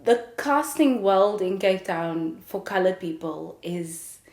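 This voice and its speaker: A woman's voice: mid-range voice, lively intonation, takes it slowly, a little mellow, reverberant. A young adult woman with a South African English accent, speaking candidly and reflectively in a casual monologue as a podcast host. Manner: candid, reflective, with frequent laughs and fillers.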